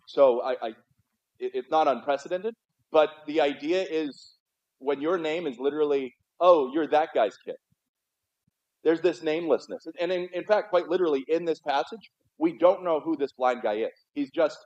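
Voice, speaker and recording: Captured on a muffled, dull-sounding livestream, a man gives a sermon as pastor in a church sanctuary. His slightly high, slightly mellow voice keeps a conversational tone, though he frequently trips up and repeats himself.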